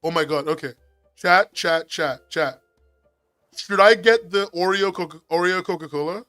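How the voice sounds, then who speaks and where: A man with an English accent chatting with his live-stream viewers, excitable and quick to swear and laugh. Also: sits high, faint music behind. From England. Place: at home.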